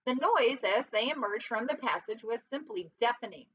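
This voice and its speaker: A woman's voice: on the high side, animated, normal speed, a bit bright. A woman reading a storybook aloud expressively, adding short asides of her own. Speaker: reader. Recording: dull lo-fi with faint hiss.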